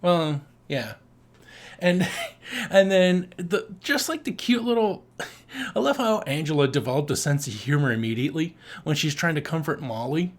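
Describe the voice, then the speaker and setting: A man's voice: on the high side, animated, normal speed. Crude joking male podcast host. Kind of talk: casual chat.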